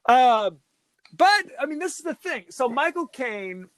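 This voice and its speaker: A man co-hosting a casual movie podcast, rambling and joking with plenty of restarts. His pitch moves around a lot. The sound is dry and close. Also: sing-song, unhurried, fairly bright tone, no room sound. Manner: rambling, jokey, lots of restarts. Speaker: podcast co-host.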